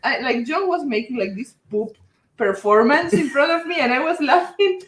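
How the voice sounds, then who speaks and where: A woman's voice: high-pitched, expressive, normal speed, reverberant, poor audio. A woman in casual chat about her daughter's birth who jumps in to add details and laughs often. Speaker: mother telling her daughter's birth story.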